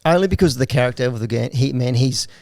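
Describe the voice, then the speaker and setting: A middle-aged man talks at an ordinary, middle pitch, telling stories in loose podcast chat. He laughs often and swears freely. The sound is dry and close. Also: quick pace, a little mellow, no echo. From Australia. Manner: laughing, profane storyteller. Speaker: guest jockey.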